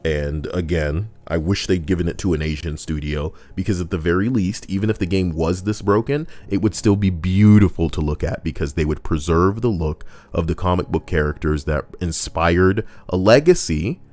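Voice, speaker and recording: A man's voice: sits low, normal speed, hardly any pauses, darkish tone. A man reading out Reddit posts and riffing on them in casual, sarcastic, crude commentary that wanders into rambling asides.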